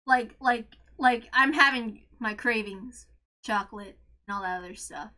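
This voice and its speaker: A woman's voice: a little high, unhurried. A woman hosting a read-along, giving emotional reaction commentary in an impassioned rant, stammering and close to tears. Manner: impassioned ranting, shouts and stammers. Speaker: host of a visual novel read-along.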